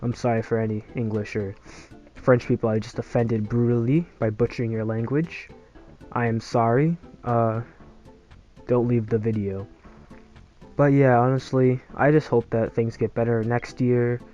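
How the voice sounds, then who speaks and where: A man's voice: mid-range voice, steady tone, normal speed, mellow, faint music behind. Young man ranting sarcastically, dull lo-fi audio. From United States. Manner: exasperated, sarcastic venting. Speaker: YouTuber. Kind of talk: casual rant over gameplay. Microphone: voice-over, no face cam.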